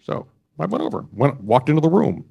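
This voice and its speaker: An older man and broadcast journalist telling stories at a press club event, halting often and restarting his sentences. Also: fairly high pitch, sing-song, gravelly, warm tone, slightly rough. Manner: halting, with many restarts and fillers.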